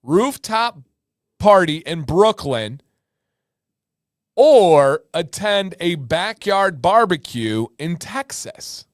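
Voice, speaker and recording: A man hosting a livestream in casual chat, energetic and talkative, often repeating words for emphasis. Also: high-pitched, slow, no room sound, clean studio sound. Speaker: livestream host.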